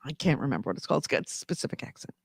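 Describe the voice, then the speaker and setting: A man's voice: medium pitch, big pitch swings, racing, vocal fry, slightly rough, no room sound, clean studio sound. A man from California co-hosting a casual gaming news podcast, rambling with many fillers and restarts. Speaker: podcast co-host.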